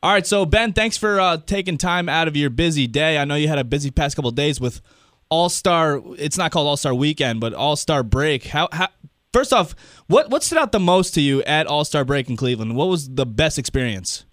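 A man's voice: a little high, expressive, brisk, fairly bright tone, dry recording. Teasing man hosting a dry-sounding podcast. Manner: teasing, profane. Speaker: podcast host. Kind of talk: casual chat.

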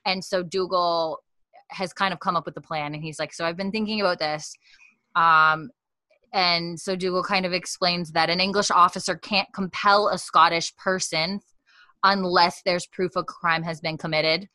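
Chatty woman with a bright voice. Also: lowish voice, fairly even intonation, dry recording. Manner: chatty, filler-heavy retelling with quick quoted lines. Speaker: podcast host recapping an episode. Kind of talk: casual chat.

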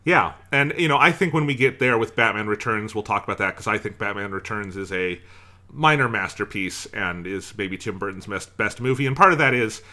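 A man co-hosting a film podcast, talking in an animated, profane way with frequent restarts. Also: lowish voice, fairly quick. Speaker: podcast co-host. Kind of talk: casual film discussion.

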